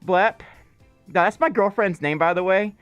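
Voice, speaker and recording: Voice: medium pitch, a little slow, fairly bright tone, clean tone, dry recording, soft background music. A streamer from Mississippi, rambling in casual livestream chat and still coughing from being ill. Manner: rambling, playful, teasing. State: lingering cough.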